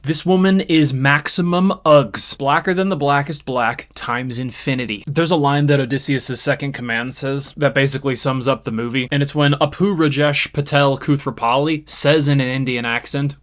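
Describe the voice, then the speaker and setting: A man's voice: mid-range voice, fairly bright tone. Blunt, mocking man reviewing on camera. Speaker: film reviewer. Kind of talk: opinionated review monologue.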